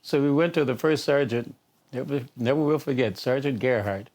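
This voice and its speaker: Speaking at a normal speed, a man with a mid-range, slightly mellow voice recounts stories in an interview. He's an older singer from around Detroit, and he chuckles frequently as he goes.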